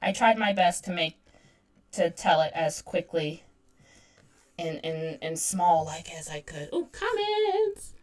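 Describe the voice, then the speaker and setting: A woman's voice: low voice, steady tone, measured pace, pauses often. A woman in her thirties chatting casually on a livestream while drawing, self-deprecating and laughing often. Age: 30s. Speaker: webcomic artist streaming.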